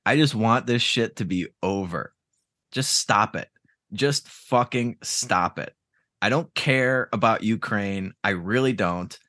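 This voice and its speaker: Man, low voice, profane sarcastic rant, casual chat, dry close sound. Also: slow, sharp tone, no echo.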